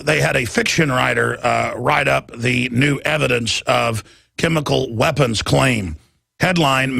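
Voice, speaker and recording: A man hosting a radio talk show, ranting in a heated monologue and often shouting as his pitch climbs. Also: vocal fry, breathy edge, dry recording, clean studio sound. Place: radio studio.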